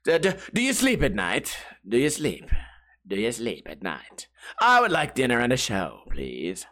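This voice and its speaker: A man doing a loose impression of a creepy, cultured male serial killer, speaking low, slow and hushed. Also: huge pitch swings. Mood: menacing.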